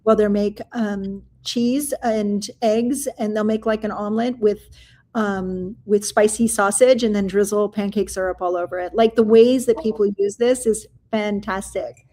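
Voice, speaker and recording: A woman who founded a candy company, telling stories in a casual chat in an animated way with lots of fillers. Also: mid-range voice, measured pace.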